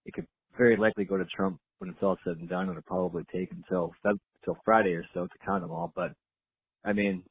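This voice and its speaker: A man's voice: low-pitched, husky, no room sound. A man from Michigan calling into a live show by voicemail, puzzling over the election polls. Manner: analytical, puzzled. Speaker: caller. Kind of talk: voicemail call-in. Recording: tinny phone line, dry.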